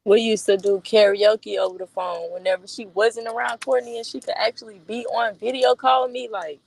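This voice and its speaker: A young woman in a casual interview, telling stories about a close friend in a lively, slangy way and laughing often. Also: fairly high pitch, fairly quick, vocal fry, poor audio.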